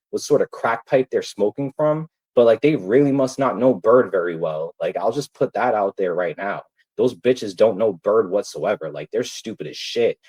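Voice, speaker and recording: Husky man ranting, lots of "like". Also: fairly low pitch, dark tone, low-quality recording. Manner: ranting, heavy filler "like", swearing. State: stressed, subdued. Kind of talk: casual livestream rant.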